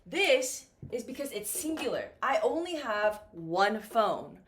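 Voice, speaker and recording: Female English teacher, fairly high voice, very slow and animated, acts out the example lines for beginners. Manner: slow and lively, with acted-out example questions.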